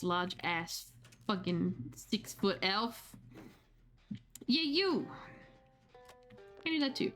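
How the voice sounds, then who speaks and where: Chatty lively woman streamer. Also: mid-range voice. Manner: chatty, reads and answers chat, swears casually. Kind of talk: casual gaming livestream chat.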